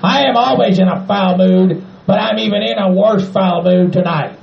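A man's voice: sits high, moderate pace, creaky. A man putting on a ranting cranky hillbilly. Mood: furious. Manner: ranting, swearing, says "by God". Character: cranky foul-mouthed hillbilly man, always angry. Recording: echoey muffled room, faint noise.

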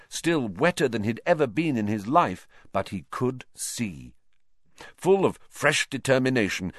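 A man with a lowish voice narrates a story as an audiobook reader, his voice rising and falling with lots of movement through the scenes. He performs every character himself. The recording is dry and close, with no echo or room sound around him.

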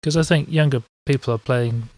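A man's voice: medium pitch, fairly quick, a little mellow, no room sound. A man co-hosting a podcast in casual chat, hesitant and hedging as he talks. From Britain. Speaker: podcast co-host.

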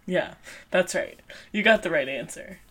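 A woman's voice: fairly low pitch, animated, fairly bright tone. A woman co-hosting a podcast, teasing and chiming in during casual chat. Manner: teasing, quick to chime in. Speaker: podcast co-host.

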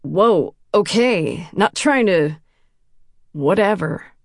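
A woman's voice: fairly low pitch, expressive, takes it slowly, gravelly, no echo, exaggerated voice. Woman doing a drunk teen boy, crude, slangy, rambling, dry close sound. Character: chatty party boy, teen, crude and tipsy.

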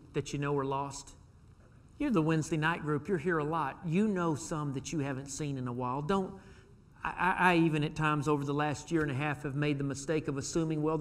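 Man, pastor, sermon, high voice, church sanctuary, quiet then shouting. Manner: swings from quiet asides to shouted pleas.

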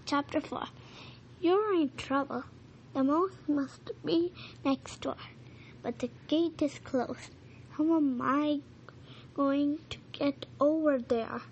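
A woman reading a children's storybook aloud, halting now and then with slips and rereads. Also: high voice, dull audio, slight background noise. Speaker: reader.

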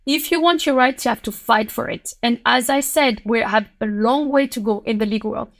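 A woman with a French accent, a lawyer speaking as a podcast guest, outspoken and emphatic. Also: fairly quick. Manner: outspoken and emphatic, with sharp pitch jumps. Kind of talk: passionate podcast conversation.

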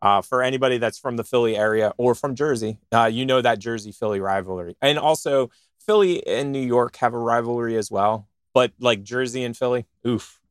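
A man co-hosting a show, chatting in a rambling, jokey and excitable way, cracking himself up as he goes. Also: mid-range voice, brisk, clean tone, no echo, studio quality. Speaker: co-host of a podcast show. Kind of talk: casual banter.

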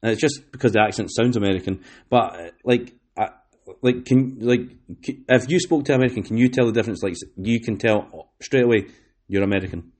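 A man's voice: fairly low pitch, a little fast, a little mellow. A man with a Scottish accent hosting a casual podcast chat, rambling with many fillers and restarts. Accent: Scottish, West Lothian. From Scotland. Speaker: podcast host.

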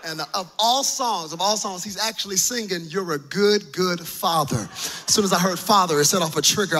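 A man in his thirties, a pastor from the United States, preaching a sermon to a congregation and telling a personal story with animated, comic delivery. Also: sits high, normal speed, a little hiss or hum. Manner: animated, comic storytelling with playful voice-acting of himself. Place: church service before a live congregation.

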